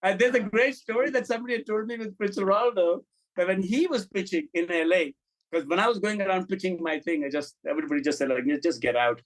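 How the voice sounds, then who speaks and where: High-pitched and fast, a middle-aged man who directs films talks as an interview guest, relaying blunt, candid anecdotes full of profanity. He acts out what people said with animation, though the recording is rough.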